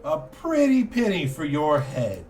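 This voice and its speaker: A man's voice: a little high, huge pitch swings, measured pace, creaky, darkish tone, soft background music, full character voice. A man voicing scarred gnome guild members who sneer and threaten. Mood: hostile. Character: two scarred, hostile gnome guild thugs.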